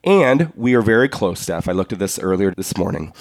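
A man's voice: on the low side, big pitch swings, a little fast, no room sound, studio quality. A middle-aged man co-hosting a podcast, upbeat and laughing often. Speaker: podcast co-host. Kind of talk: podcast chat.

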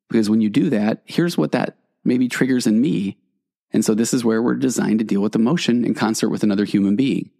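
A man's voice: fairly low pitch, vocal fry, a little mellow. A middle-aged man, a marriage therapist hosting a solo podcast, explaining in a conversational way that wanders into tangents and acts out quoted partners.

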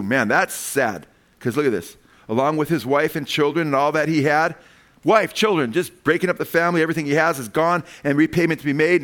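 Guy preaching a sermon, kinda high voice, chatty and emphatic, keeps asking the crowd stuff. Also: a bit bright. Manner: conversational, emphatic, asks the audience questions.

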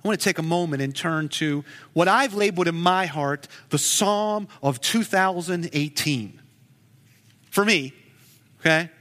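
A man's voice: measured pace, a bit bright, long reverb tail. A man preaching a sermon, reading scripture and commenting with emotional, pleading passages. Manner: emotive preaching, rising to urgent pleas then dropping low. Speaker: pastor.

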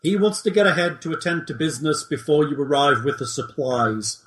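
A man's voice: a little high, fairly quick, a bit bright, roomy sound. A man running a tabletop game as game master, explaining the setup with dry humor and reading boxed text aloud.

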